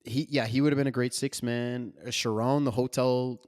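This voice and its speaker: An excitable male podcast co-host raving about action films, swearing for emphasis and quoting lines from scenes. His voice is recorded close and dry. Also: mid-range voice, normal speed, no echo. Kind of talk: casual chat.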